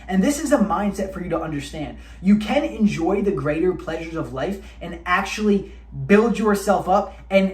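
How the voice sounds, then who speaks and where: A man's voice: high voice, recorded from a distance. Emphatic man in a roomy space. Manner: emphatic and repetitive, with blunt profanity. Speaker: self-help coach. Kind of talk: motivational talk to camera. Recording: roomy sound, speaker away from the mic.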